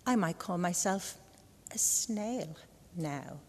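A woman voicing a young male slug in a storybook, earnest and unsure, speaking softly. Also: fairly low pitch, moderate pace, a little hiss or hum, natural voice. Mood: quiet. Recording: echoey hall reverb.

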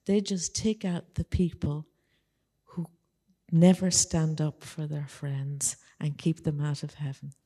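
A woman's voice: low-pitched, little pitch movement, slow pace, mellow, pitched below the performer's own voice. A woman voicing a kindly gatekeeper of heaven who welcomes a man and his dog. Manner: welcoming, reassuring. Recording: long church reverb.

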